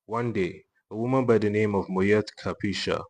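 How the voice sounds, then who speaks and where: A man from Nigeria gives a spoken book review and explains the book in a steady, even way. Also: lowish voice, moderate pace.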